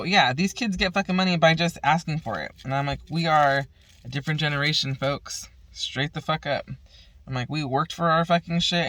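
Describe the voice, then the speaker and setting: A woman's voice: low-pitched, a bit bright, dry recording. A woman vlogger telling a long casual story, swearing constantly, retelling conversations with "I'm like" and laughing at her own lines. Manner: profane, rambling, retells talks with "I'm like".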